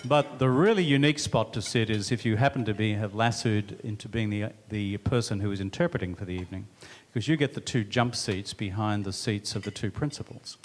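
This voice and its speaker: A man's voice: lowish voice, brisk, few pauses. Wry Australian man speaking in a hall. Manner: wry, self-deprecating humour. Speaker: guest speaker. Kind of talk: anecdotal speech to an audience. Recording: reverberant hall, faint noise.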